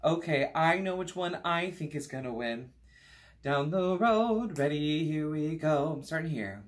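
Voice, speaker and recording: A man's voice: on the high side, animated, a little slow. A man teaching a playful, theatrical music lesson to young children. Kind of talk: scripted kids' music lesson.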